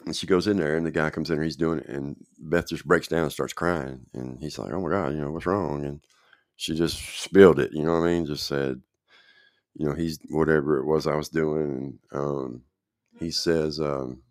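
A man's voice: rumbling low, fairly even intonation, moderate pace, darkish tone, no echo, clean studio sound. A man telling his own recovery story in a casual, rambling way, often checking in with the listener.

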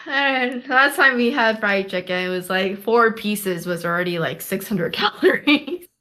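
A young woman co-hosts a casual podcast, chatting in an easygoing way and giggling often. Her voice sounds bright and forward. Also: mid-range voice, animated, a little slow. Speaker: podcast co-host.

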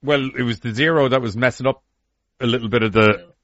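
A man's voice: mid-range voice, fairly quick, fairly bright tone, no echo. Casting: male podcast co-host, sarcastic teasing banter, dry close sound, dull lo-fi mic. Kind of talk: casual movie review chat.

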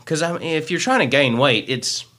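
A man's voice: a little high, expressive, moderate pace, bright, forceful tone. A young man co-hosting a casual podcast chat, jokey and prone to trailing off mid-thought. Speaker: podcast co-host.

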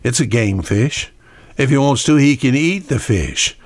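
A man's voice: medium pitch, expressive, a little slow, no echo, studio quality. Folksy older man preaching on radio. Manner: folksy, conversational, repeats key words for emphasis. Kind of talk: radio sermon.

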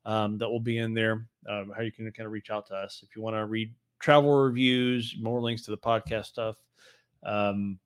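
A man hosting a podcast, easygoing and relaxed, with lots of "um" and quick agreement. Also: on the low side, clear, resonant tone. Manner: easygoing, affirming, many ums. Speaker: podcast host. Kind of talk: casual chat.

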